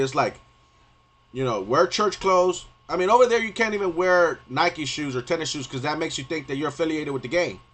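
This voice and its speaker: A male streamer delivering a rambling, profane rant live, constantly repeating filler phrases and getting loud and heated at times. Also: on the high side, slight background noise. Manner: profane, rambling, repeats "you know what I mean".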